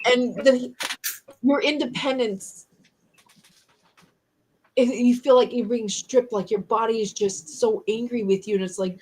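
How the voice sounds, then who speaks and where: A woman's voice: fairly high pitch, fairly even intonation, unhurried, long pauses, a little mellow, a little hiss or hum, low-quality recording. A woman hosting a live-stream chat, talking in an earnest, emotional and empathetic way. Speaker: host.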